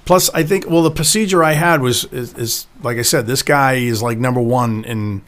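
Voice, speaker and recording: A man in his fifties co-hosting a podcast, rambling with halting restarts and exasperated asides. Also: mid-range voice, a bit bright. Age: 50s. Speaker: podcast co-host. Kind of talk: casual podcast banter.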